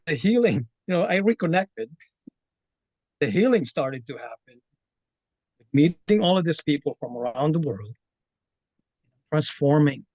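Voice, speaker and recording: A man from the Philippines with a Filipino accent, sharing a personal story in an online session, earnest and halting with many fillers and restarts. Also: mid-range voice, darkish tone, husky, dry recording. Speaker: community member sharing his story. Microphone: video call.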